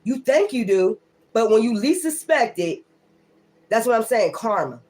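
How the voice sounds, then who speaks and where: A woman's voice: on the high side, expressive, measured pace, darkish tone. A woman who reads tarot and rants on a casual livestream, profane, blunt and emphatic, and she keeps repeating her defiant points. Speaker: tarot reader.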